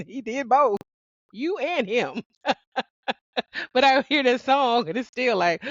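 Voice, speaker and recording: A woman hosting a personal podcast, talking about heartbreak and healing in a reflective monologue, expressive and quick to laugh, often calling the listener "baby". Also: a little high, no room sound, lo-fi sound. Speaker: podcast host.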